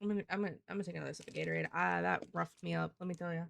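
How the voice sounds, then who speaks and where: A woman's voice: on the low side, steady tone, racing, vocal fry, fairly bright tone, no room sound. A young adult woman live streamer chatting casually to her viewers, rambling and swearing, with lots of "like" fillers. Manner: rambling, profane, heavy use of "like".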